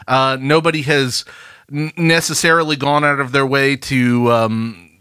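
A man's voice: medium pitch, fairly even intonation, a little slow, sharp tone, smooth, no room sound, studio quality. A man co-hosting a podcast in casual chat, goofy and rambling, fond of putting on silly accents. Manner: rambling with restarts. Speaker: podcast co-host.

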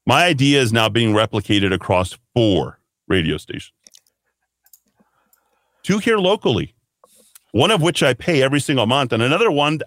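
A man's voice: mid-range voice, very animated, moderate pace, long pauses, fairly bright tone, dry recording. A man hosting a talk radio show, ranting bluntly and combatively in a monologue from a radio studio. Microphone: studio microphone.

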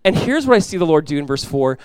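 A male pastor preaching at a rapid clip, with a slightly high voice. He talks in a casual, animated way and slips into quick voiced asides. The sound is dry and close. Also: smooth, dry recording. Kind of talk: sermon.

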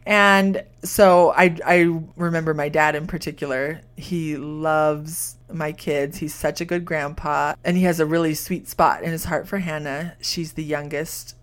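Low-voiced woman coaching on a podcast. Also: fairly even intonation, a little slow, hardly any pauses. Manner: chatty storytelling with frequent fillers. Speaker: life coach. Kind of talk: podcast monologue.

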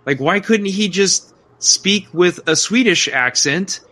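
A man casually chatting about a film with a co-host, enthusiastic and full of quick asides. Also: sits high, expressive, bright, forceful tone. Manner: enthusiastic, quick asides, slips into quoted voices. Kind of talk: casual film review chat.

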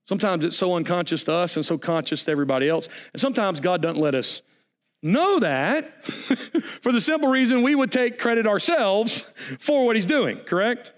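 A man preaching a sermon as pastor, animated and folksy, with jokes and asides to the congregation. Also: high voice, fast talker.

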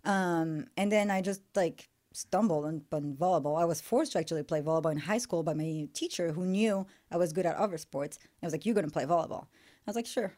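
A young woman from Morocco whose first language is French, a chatty guest who tells animated stories and laughs often. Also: on the low side, brisk. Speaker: guest, beach volleyball player. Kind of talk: casual interview chat.

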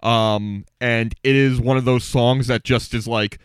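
A young man co-hosting a podcast in casual chat, sarcastic and quick with music talk. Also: medium pitch, clear, resonant tone, dry recording. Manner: sarcastic, lively, reads notes aloud with stumbles. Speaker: podcast co-host.

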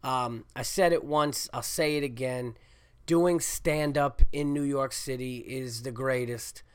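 A congested man, a stand-up comedian and podcast host, talking in a rambling, animated monologue full of fillers and swearing. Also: mid-range voice, unhurried, clean tone. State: congested, getting over a cold. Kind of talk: casual solo podcast monologue.

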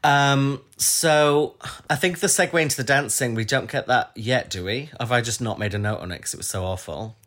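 A man's voice: medium pitch, normal speed, a bit bright. A man co-hosting a podcast, chatting casually with playful, wry quips. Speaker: podcast co-host. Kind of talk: casual chat.

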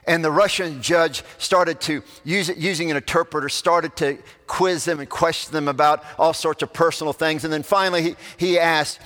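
A man preaching a sermon, telling a story that swells loud and then drops to a hush. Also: fairly high pitch, steady tone, moderate pace, hardly any pauses. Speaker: pastor. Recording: long reverb of a large hall.

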